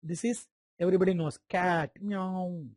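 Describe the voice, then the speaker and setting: A man's voice: sits high, lively intonation, normal speed, a little mellow, no echo. A man with an Indian English accent giving an online medical lecture, quizzing students by name and repeating key terms.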